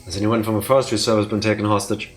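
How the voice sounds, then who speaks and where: A man's voice: lowish voice, little pitch movement, very fast, faint music behind. A man hosting a let's play, reading a visual novel aloud with playful, joking asides.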